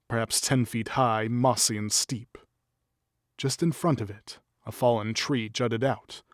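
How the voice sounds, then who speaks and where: A man narrating a fantasy story in a steady, measured read, his voice mid-pitched and ordinary. The recording is dry and close, with no room sound. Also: no echo. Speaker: audiobook narrator. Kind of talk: reading a fantasy story aloud.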